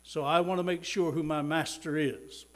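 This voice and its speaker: Middle-aged preacher guy giving a sermon, somewhat high voice, leans hard on key words. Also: fairly even intonation. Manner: preaching with emphatic slow stresses and sudden swells in loudness; leads congregation in prayer.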